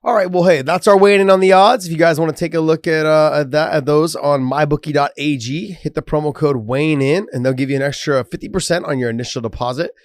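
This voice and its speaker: A man's voice: fairly high pitch, steady tone, fast talker, few pauses, dry recording, clean studio sound. A man co-hosting a sports podcast in loose, casual chat, swearing freely. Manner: loose, swears casually, reads sponsor promo. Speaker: podcast co-host.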